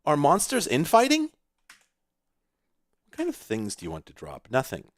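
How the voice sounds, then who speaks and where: A man's voice: fairly high pitch, wildly swooping pitch, moderate pace, dry recording. A man hosting a retro computing video, rambling in casual, profane commentary while he plays an old computer game, breaking into sudden exclamations.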